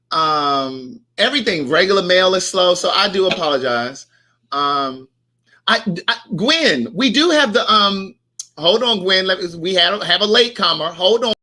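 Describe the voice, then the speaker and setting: A young man hosts a casual live chat, chatting through a story and acting out what people said. His voice sits high with a sharp tone.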